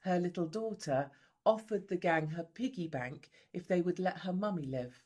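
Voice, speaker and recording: A woman's voice: lowish voice, expressive, a little mellow. A woman reporter giving grave, emphatic scripted documentary narration. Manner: grave, emphatic, measured delivery.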